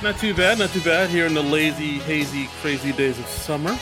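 A man's voice: fairly high pitch, fairly even intonation, brisk, over music. A man with a New Jersey accent co-hosting a comedy podcast, upbeat and jokey. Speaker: podcast co-host. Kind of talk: casual chat.

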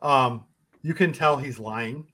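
A man running a tabletop role-playing game as game master, describing scenes haltingly with many pauses. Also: mid-range voice, sharp tone, breathy edge, poor audio. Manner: halting, full of uh fillers while describing.

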